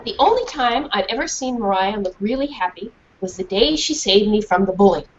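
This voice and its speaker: A woman's voice: mid-range voice, brisk, a little hiss or hum. A woman, a children's author, reading a storybook aloud in a school classroom and asking the class questions. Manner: animated, asks the class questions. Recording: dull lo-fi recording.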